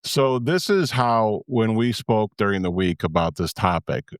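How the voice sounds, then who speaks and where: A man's voice: fairly low pitch, animated, unhurried, no room sound, clean studio sound. A man in his fifties hosting a podcast, talking candidly in a rambling way and often breaking off mid-sentence. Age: 50s. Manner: candid, rambling, self-interrupting. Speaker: podcast host. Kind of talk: casual podcast chat.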